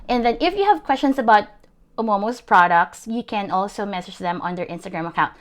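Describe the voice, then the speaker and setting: A young woman teaching an online calligraphy workshop from her desk, chatty and encouraging, laughing often and filling pauses with ums. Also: mid-range voice, animated. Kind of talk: casual online workshop demonstration.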